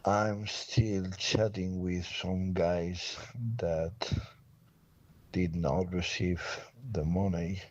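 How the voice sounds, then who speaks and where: A tired, sick-sounding man leaves a long, halting voice message. His voice is low, husky and gravelly, and he speaks very slowly. The sound is dull and muffled, like a phone voice note. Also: flat delivery, no echo, full character voice. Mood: weary. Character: man leaving a rambling voice note, claims to be sick.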